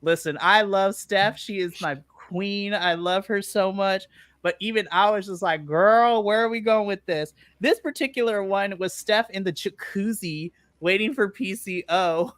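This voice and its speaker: A podcast co-host on a remote live stream, talking through a casual recap. The voice sits at a middling pitch and is recorded dry and close. They chat easily, laugh often and act out their own reactions. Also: a little slow, fairly bright tone, no room sound.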